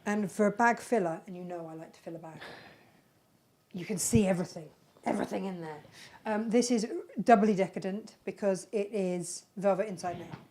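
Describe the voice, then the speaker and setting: A woman's voice: mid-range voice, a little fast, warm tone. Chatty woman hosting a craft stream. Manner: chatty, rambling, fond of her makes. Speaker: craft channel host. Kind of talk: casual live-stream product chat.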